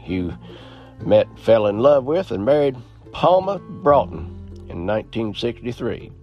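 A man narrating a history in an earnest read-aloud way, with small slips and the odd throat clearing. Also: medium pitch, big pitch swings, measured pace. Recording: slightly dull lo-fi audio with faint music.

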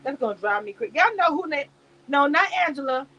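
Animated woman chatting on a live stream. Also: high voice, fast, lo-fi sound, slight background noise. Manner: animated and rambling, laughs often, reads chat aloud. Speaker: YouTube live host reacting to a reality show cast. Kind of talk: casual live-stream chat.

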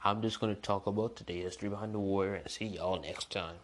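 A man doing an impression of an unenthusiastic male YouTube history narrator, talking in a flat, low-energy way. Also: fast talker, lightly acted. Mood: flat, bored. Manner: monotone, low-energy delivery.

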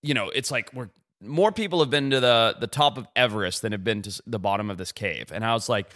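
A man in his thirties co-hosting a podcast, telling a story in a profane, animated, casual way. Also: medium pitch, quick pace. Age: 30s. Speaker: podcast co-host. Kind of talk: casual chat.

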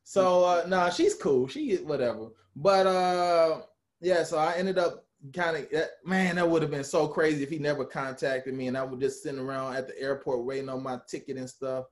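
A man telling a story in a casual interview, animated and acting out what others said. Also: a little high, normal speed. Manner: animated, acts out quotes of others. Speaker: guest, former reality TV cast member.

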